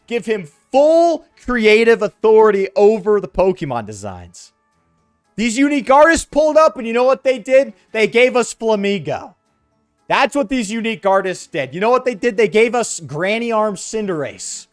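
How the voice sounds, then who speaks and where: A man streaming a game, chatting casually in an animated, slangy, ranting way. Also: high-pitched, normal speed, no room sound, studio quality, soft background music. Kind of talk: casual live-stream chat while gaming.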